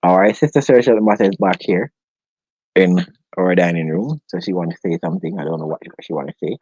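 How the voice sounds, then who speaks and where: A man's voice: sits low, fairly quick, a little mellow, slightly rough, no room sound, dull audio. A man hosting a live-stream chat in a playful, joking way. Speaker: host of a live discussion stream.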